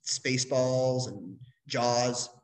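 A young man hosting a podcast, teasing his guest in a dry deadpan way. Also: mid-range voice, very slow, a crowd in the background, low-quality recording. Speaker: podcast host. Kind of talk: casual podcast banter.

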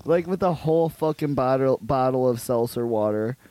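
A man's voice: mid-range voice, moderate pace, dark tone, dry recording. A man co-hosting a podcast, rambling through crude stories and jumping into goofy voices for the people in them. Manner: rambling retelling, slips into goofy voices for characters. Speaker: podcast co-host. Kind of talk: crude casual chat.

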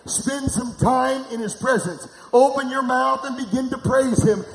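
A man from Missouri preaching a sermon, calling for responses from the congregation and swelling into shouts. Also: extremely high pitch, normal speed, hardly any pauses, roomy sound, a little hiss or hum, low-quality recording.

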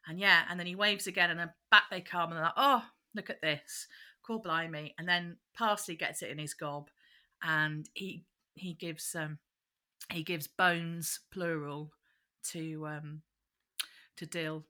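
Bright-voiced woman, chatty recap. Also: lowish voice, measured pace. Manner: animated retelling, bursts into quoted voices. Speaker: podcast co-host. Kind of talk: casual chat recapping a children's show.

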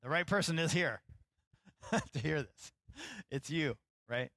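A man, a pastor, preaching a sermon in a relaxed, conversational way, acting out lines with rising animation and poking fun at himself. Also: a little high, takes it slowly, dry recording, rough recording. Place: church.

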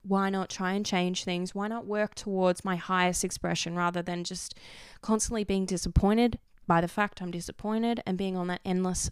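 A woman's voice: fairly low pitch, clear, resonant tone, no room sound, studio quality. A young woman hosting a podcast, talking intensely about her body and often swearing. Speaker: podcast host. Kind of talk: passionate solo podcast talk.

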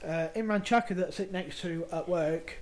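A man's voice: high voice, normal speed. A young man casually tells a swearing, comic anecdote about a coworker. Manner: swearing, laughing anecdote teller. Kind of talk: casual storytelling chat.

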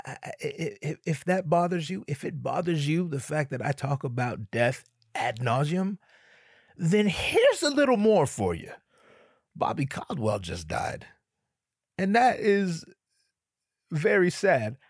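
A man's voice: mid-range voice, husky, no room sound, clean studio sound. A man hosting a solo comedy podcast in a crude, rambling, darkly joking monologue. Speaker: podcast host.

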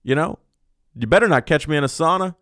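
Young man, comedy podcast host, crude blunt advice, slightly high voice, very dry close sound. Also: fast, no echo. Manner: profane, blunt, excitable, reads listener emails aloud. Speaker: podcast host answering listener questions.

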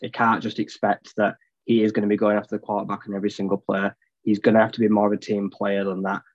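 Blunt low-voiced man on a dull line. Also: little pitch movement, fast talker, no echo. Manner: blunt, plain-spoken. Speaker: podcast co-host. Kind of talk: casual sports discussion.

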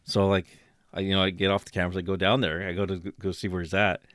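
A man casually telling a workplace story on a podcast, acting out quotes loudly with bursts of laughter. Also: sits low, level tone, quick pace, dry recording, studio quality. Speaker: podcast co-host.

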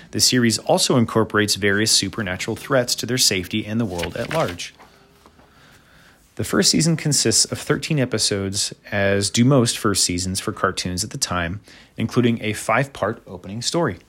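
Male host, slightly low voice, casual chatty monologue, rambles and throws in side comments. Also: a bit bright. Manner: rambling with asides and fillers.

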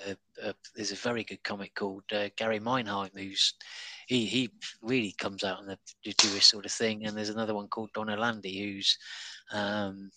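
A man talks in an animated, story-telling way, stumbling over fillers and restarts. His voice is bright and forward, and the sound is close and dry. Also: on the low side, no echo, poor audio. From Devon and Cornwall, England. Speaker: stand-up comedian. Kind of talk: casual conversation.

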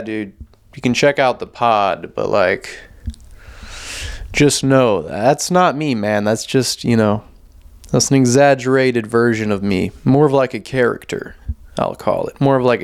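A man's voice: medium pitch, clear, resonant tone. A young man ranting alone on his podcast, profane and rambling, often losing his train of thought. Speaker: podcast host and open-mic comedian. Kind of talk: solo podcast rant.

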